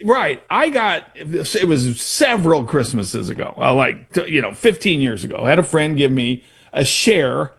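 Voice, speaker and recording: A man talks through sports business on a casual show, circling back and restarting as he explains. His voice sits a bit high for a man. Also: sing-song, normal speed, vocal fry, hardly any pauses, fairly bright tone, breathy edge. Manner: rambling, restarts and explains with examples. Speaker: sports talk host.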